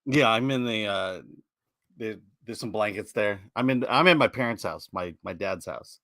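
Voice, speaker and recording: A man co-hosting a podcast remotely from his parents' house, relaxed and quick to laugh. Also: lowish voice, dry recording, clean studio sound. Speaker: podcast co-host. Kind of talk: casual show chat. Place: parents' house, blanket-lined room.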